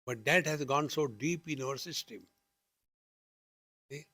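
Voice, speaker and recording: At a retreat hall, a spiritual teacher gives a discourse in a mid-range voice at a measured pace. He tells lively stories, acting out both sides of each dialogue with rising questions.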